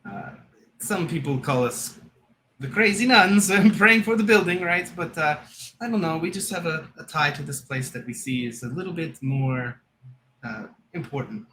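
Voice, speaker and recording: A man voicing a calm young woman worshipper. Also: a little high, normal speed, slight background noise, pitched above the performer's own voice, poor audio. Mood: calm, earnest.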